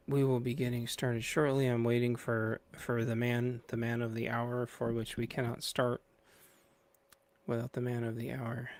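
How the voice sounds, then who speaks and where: Gravelly man rambling before a stream. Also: mid-range voice. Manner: scattered and playful, drifting off mid-sentence. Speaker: podcast host. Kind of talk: rambling livestream pre-show chat.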